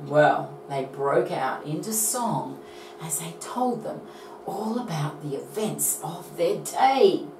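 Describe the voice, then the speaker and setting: A woman's voice: deep voice, lively intonation, takes it slowly, a little mellow, a little hiss or hum. A woman teaching phonics to young children, telling a story and coaxing them to join in. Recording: roomy echo from a distance.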